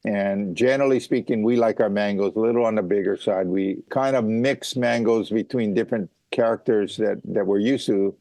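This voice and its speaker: Middle-aged male farmer from Hawaii, lowish voice, dry recording, chatty explainer with frequent ums and restarts. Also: moderate pace, hardly any pauses, warm tone, dry recording. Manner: explanatory, lots of fillers and restarts. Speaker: mango farmer guest. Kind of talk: casual interview talk.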